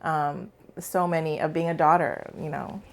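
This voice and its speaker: Low-voiced woman psychologist telling a story. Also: moderate pace. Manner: animated storyteller, many fillers. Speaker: psychologist guest. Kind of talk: casual storytelling interview.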